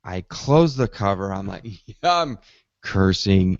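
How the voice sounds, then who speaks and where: A man's voice: lowish voice, takes it slowly, dry recording. Man telling a tech story on a podcast. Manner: animated storytelling, acts out his own reactions. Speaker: podcast host. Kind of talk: casual tech podcast chat. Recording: dull, slightly lo-fi dry sound.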